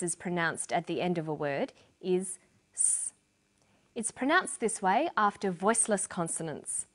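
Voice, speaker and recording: A woman narrating a scripted English lesson as a teacher, speaking clearly and deliberately. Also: medium pitch, lively intonation.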